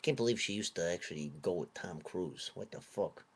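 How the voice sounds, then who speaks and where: Man for a comic vlog rant in a put-on Italian-American mobster accent, low-voiced, profane, rambling wise-guy swagger. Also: lively intonation, normal speed, fairly bright tone, breathy edge. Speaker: vlogger.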